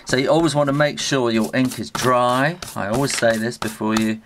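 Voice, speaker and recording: A man's voice: mid-range voice, fairly even intonation, moderate pace, noisy background. A middle-aged British man giving a chatty spoken drawing tutorial, talking as he draws and often trailing off and restarting. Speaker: illustrator teaching drawing.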